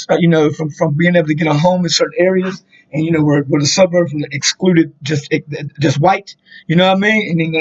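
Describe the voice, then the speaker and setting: A man, telling a rambling, profane story in a casual monologue, full of fillers. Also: fairly high pitch. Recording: dull lo-fi sound.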